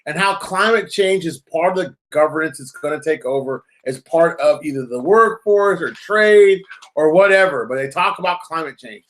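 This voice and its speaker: Man, host, high pitch, emphatic, casual chat. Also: fairly bright tone. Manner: emphatic, quick to agree.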